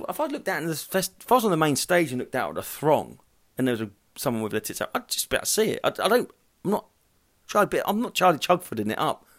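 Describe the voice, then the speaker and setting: A middle-aged man with a fairly high, fairly bright voice hosts a solo podcast from home, walking from room to room. He's hot, hungover and tired, and he rambles, swears and pokes fun at himself.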